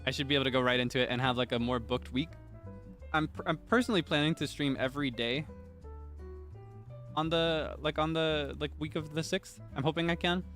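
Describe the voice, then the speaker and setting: A young man chats casually on a stream, rambling along with lots of fillers and restarts. His voice sits a little high. Faint music plays behind him. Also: brisk, fairly bright tone. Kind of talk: casual chat.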